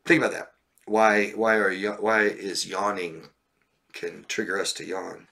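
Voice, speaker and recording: A man's voice: deep voice, level tone, unhurried, vocal fry, sharp tone. A man coaching on relationships during a live stream, reading viewer questions and answering bluntly, often checking in with "right?" and "okay?".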